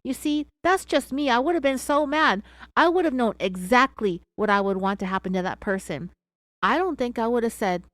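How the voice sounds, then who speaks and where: A woman hosts a true crime podcast and retells an interrogation with sarcastic, opinionated asides. Her voice is fairly high-pitched and recorded close and dry. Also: lively intonation, normal speed, fairly bright tone, dry recording. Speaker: podcast host.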